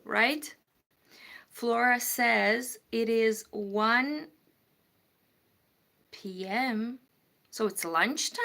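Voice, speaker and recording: A woman's voice: a little high, pushed and bright. A woman from Moldova, hosting a casual livestream and chatting as she reads out viewer comments and answers them. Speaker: livestream host. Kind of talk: casual live-stream chat.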